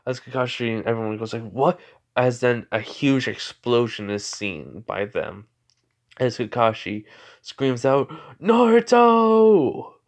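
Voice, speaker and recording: A man's voice: on the low side, unhurried, creaky. A man casually making up a fan fiction story aloud, rambling with lots of "like" and "you know" and often correcting himself.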